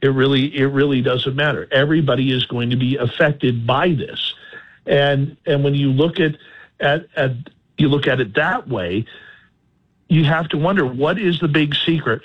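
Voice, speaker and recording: A man's voice: fairly high pitch, moderate pace. A male podcast host talking in an earnest, emphatic way and posing questions. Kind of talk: casual conversation. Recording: slightly dull audio.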